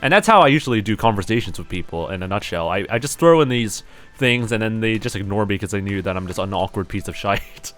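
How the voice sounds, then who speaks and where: A man's voice: fairly low pitch, animated, fast, fairly bright tone, soft background music. A young man from New Zealand chatting casually on a live stream, rambling and self-deprecating with lots of fillers and restarts.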